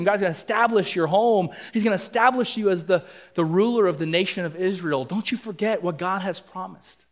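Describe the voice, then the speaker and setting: A man preaching a sermon in a church, earnest and emphatic, acting out quoted lines as he goes. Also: on the high side. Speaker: pastor. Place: church sanctuary.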